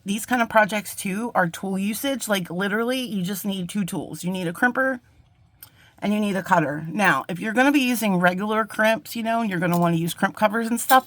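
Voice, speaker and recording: A woman's voice: mid-range voice, a bit bright, no room sound. Woman, casual crafting tutorial host, chatty, rambling, self-deprecating, dry close sound. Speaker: jewelry-making channel host. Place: home craft desk with a cat around.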